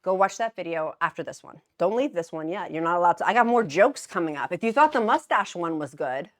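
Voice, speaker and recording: A woman's voice: fairly low pitch, lively intonation, brisk. A woman vlogger, chatting casually and jokingly to her viewers, laughing at herself. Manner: chatty, jokey, laughs at herself, says "y'all" and "honey". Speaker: weight-loss vlogger. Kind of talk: casual chat to camera.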